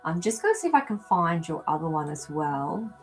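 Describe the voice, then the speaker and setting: A woman's voice: low voice, sing-song, a little fast, music in the background, low-quality recording. A woman hosting a live animal communication show, talking casually to viewers and thinking aloud with many ums. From not from America. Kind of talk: live-stream reading for viewers.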